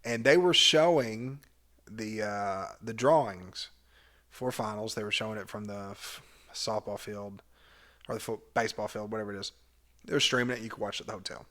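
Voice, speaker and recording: A man, a cheer coach, casually retelling a past season in a candid, animated way with some swearing. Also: lowish voice, normal speed. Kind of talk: casual memoir storytelling.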